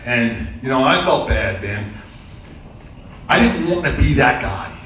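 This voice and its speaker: A man's voice: medium pitch, expressive, unhurried, a bit bright. Middle-aged man doing stand-up in an echoey theater. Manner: loose, rambling storytelling with crude punchlines. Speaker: stand-up comedian and hypnotist. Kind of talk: stand-up comedy routine. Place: theater stage before a live audience. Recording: very echoey, distant room sound with faint noise.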